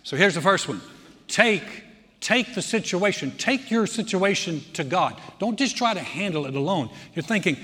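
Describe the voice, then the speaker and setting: High-voiced man preaching in a reverberant hall. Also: expressive, normal speed, husky. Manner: conversational preaching that builds to loud fervor. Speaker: pastor. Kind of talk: sermon.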